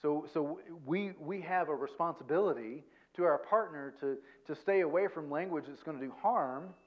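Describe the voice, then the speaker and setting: Male guest speaker, slightly high voice, chatty and self-deprecating, dull lo-fi recording. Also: moderate pace. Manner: chatty, self-deprecating, peppers points with "okay?" and "right?". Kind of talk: conversational seminar talk to a church audience.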